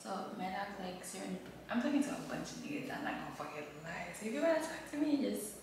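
A woman's voice: medium pitch, very animated, quick pace, distant mic. A young woman in her twenties chatting casually to camera in a vlog, blunt and rambling, swearing freely and slipping into patois. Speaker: vlogger. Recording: echoey room, voice from off-mic, clear room noise.

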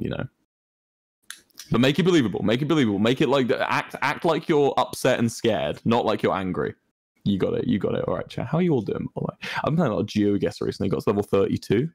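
A man's voice: fairly low pitch, vocal fry, dry recording. A young British man chatting casually to a stream audience, mischievous and rambling with lots of fillers. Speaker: streamer's guest co-host.

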